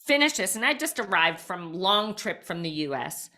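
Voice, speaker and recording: A woman guest on a podcast, telling a personal story with lively energy and lots of "like" fillers. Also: medium pitch, moderate pace. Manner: frequent "like" fillers, lively retelling.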